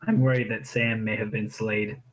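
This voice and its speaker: A man's voice: on the low side, level tone, normal speed. A man playing in a tabletop game, chatting casually and making wry jokes. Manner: wry, joking. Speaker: player. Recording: muffled lo-fi call audio.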